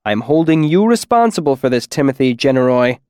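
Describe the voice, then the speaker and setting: A man's voice: medium pitch, big pitch swings, fairly quick, a little mellow, clean tone, no echo, studio quality, lightly acted. A man voicing a stern, eccentric university master who gives clipped orders, read as an audiobook character.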